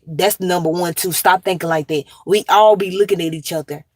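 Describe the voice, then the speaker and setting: A woman's voice: fairly low pitch, a little fast, few pauses, dry recording. Blunt, profane woman ranting casually. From United States. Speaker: commentary vlogger.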